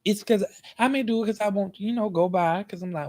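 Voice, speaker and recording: A man hosting his own show tells a personal story in a loose, chatty way. He is animated and circles back over the same phrases as he goes. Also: sits high, quick pace. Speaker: host. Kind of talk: casual storytelling.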